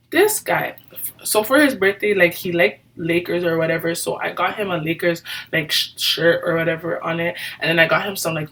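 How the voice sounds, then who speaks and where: A woman with a fairly low voice tells a story in casual vlog chat, acting out each side of the exchanges she retells. She sits a little back from the mic, so her voice sounds slightly distant. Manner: animated retelling, acting out both sides. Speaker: beauty vlogger telling a story.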